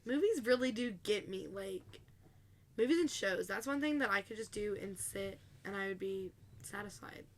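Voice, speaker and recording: A woman's voice: medium pitch, lively intonation, moderate pace. A woman co-hosting a podcast, chatting casually with friends and laughing often. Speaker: podcast co-host. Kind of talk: casual chat among friends.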